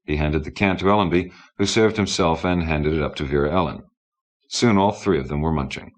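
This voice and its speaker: A man reading a science fiction audiobook in a steady, measured manner. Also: very deep voice. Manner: steady, measured storybook narration. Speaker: audiobook narrator.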